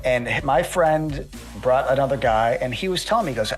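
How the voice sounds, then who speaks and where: A man in casual chat, telling stories haltingly with many fillers. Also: medium pitch, faint music behind. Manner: hesitant, halting storytelling with fillers. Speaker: podcast guest.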